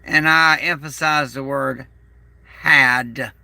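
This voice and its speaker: A man's voice: mid-range voice, steady tone, slow, vocal fry, sharp tone, no echo. A man vlogging a rambling personal monologue, aggrieved and bitter, repeating himself as he talks. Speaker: prepper vlogger.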